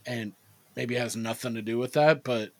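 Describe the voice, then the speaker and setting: A man's voice: mid-range voice, normal speed, darkish tone, no echo. A man co-hosting a movie podcast, talking in a rambling, profane, casual way with lots of fillers. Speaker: podcast co-host. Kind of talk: casual movie-review chat.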